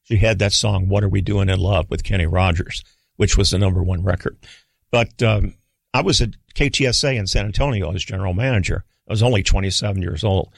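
An older man, a guest on a radio talk show, telling stories in a relaxed, rambling way with fillers and restarts. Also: low voice, brisk, creaky, no room sound. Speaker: guest, radio executive and author. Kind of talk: relaxed storytelling. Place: studio.

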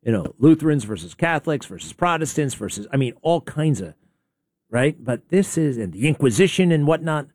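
A man's voice: on the high side, big pitch swings, fairly quick, a little mellow, no room sound, clean studio sound. A man hosting a talk show, rambling through a sarcastic opinionated monologue with many asides and restarts. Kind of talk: opinionated monologue playing clips.

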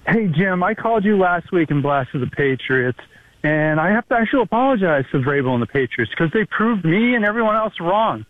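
A man calling in to a sports radio show, an excited, apologetic fan. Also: sits high, brisk, no echo. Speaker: caller. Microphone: phone. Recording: phone line.

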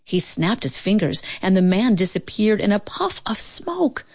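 A woman reading a children's storybook aloud in an expressive, measured way. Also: medium pitch. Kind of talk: storybook read-aloud narration.

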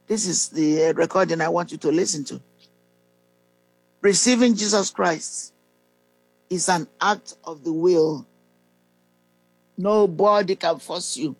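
A preacher gives slow devotional teaching and leads a guided prayer. The voice is gravelly and unhurried, with frequent pauses and throat clearing between phrases of scripture. It sounds close and dry, with no room around it. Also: mid-range voice, a little mellow, dry recording, low-quality recording. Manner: reads scripture aloud, pausing with fillers and throat clearing.

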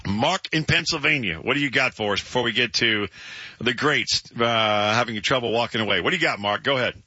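Bright-voiced male sports radio host. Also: mid-range voice, fairly quick, husky, no room sound, muffled recording. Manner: laughing, animated storytelling. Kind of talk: casual radio chat.

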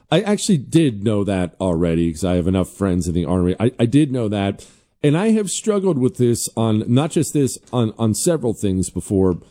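Male talk host, dark-toned, lively pitch, sarcastic commentary. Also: normal speed. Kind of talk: casual political commentary.

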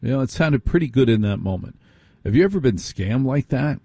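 A man hosts a late-night radio talk show with a mellow, husky voice. He talks to listeners in a chatty way and keeps asking them questions. The studio sound is dry and close. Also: mid-range voice, animated, fairly quick, dry recording. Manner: conversational, addresses listeners directly with rhetorical questions. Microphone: studio microphone.

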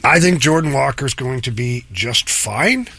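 Gravelly, husky male sports co-host. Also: medium pitch, animated, unhurried, sharp tone, dry recording. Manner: emphatic, repeats words, playful. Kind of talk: casual sports talk.

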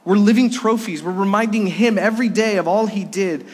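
Guy pastor preaching, kinda high voice, long church echo. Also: slightly rough. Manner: earnest preaching with dramatic pauses. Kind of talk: sermon. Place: church sanctuary. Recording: live church service with long reverb.

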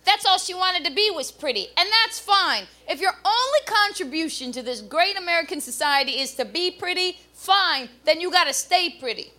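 A woman doing a stand-up comedy routine on a club stage with a handheld mic, brash and loud with punchy delivery. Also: extremely high pitch, animated, normal speed, few pauses.

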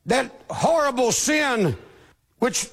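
High-pitched gravelly preacher shouting. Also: male voice, very animated, slow. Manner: shouting preacher cadence, acting out quoted voices. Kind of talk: sermon. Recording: long hall reverb.

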